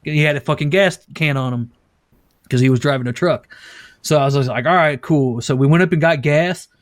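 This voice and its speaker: A man's voice: a little high, fairly quick. A man hosting a podcast, telling a story casually with constant swearing and laughter. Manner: profane, laughing, animated storyteller. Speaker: podcast host.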